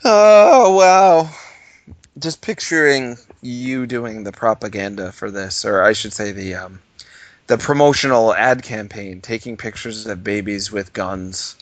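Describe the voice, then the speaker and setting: A man's voice: measured pace, dry recording. A man co-hosting a casual comedic podcast, answering with dry disbelief. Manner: dry, incredulous, lively pitch swings. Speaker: podcast co-host.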